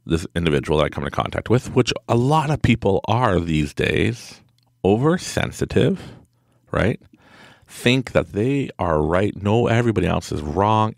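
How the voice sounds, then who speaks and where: A man's voice: sits low, gravelly, dry recording, clean studio sound. A man hosting a podcast, telling a rambling story in a casual monologue, full of fillers and mocking quoted voices. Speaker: podcast host.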